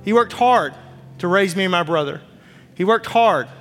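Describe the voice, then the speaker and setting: A man's voice: high-pitched, expressive, normal speed, fairly bright tone. A man in his forties preaching a sermon as pastor on a church stage, impassioned and repeating his phrases. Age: 40s. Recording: long church reverb with faint music.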